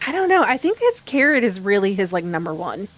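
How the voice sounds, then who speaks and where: A woman's voice: medium pitch, fairly quick, low-quality recording. Woman chatting on a game stream, laid back, kinda unsure, says like a lot. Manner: relaxed, chatty, unsure hedging. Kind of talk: casual chat.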